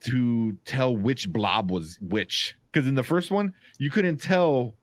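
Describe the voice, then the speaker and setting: A man's voice: mid-range voice, lively intonation, slow, no room sound. A man chatting casually as a movie reviewer, laid-back and quoting himself in asides. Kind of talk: casual chat.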